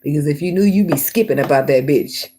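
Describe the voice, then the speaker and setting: A woman's voice: sits low, brisk, mellow, a little hiss or hum. A woman giving a casual tarot reading, talking bluntly with plenty of profanity and frequent laughs. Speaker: tarot reader.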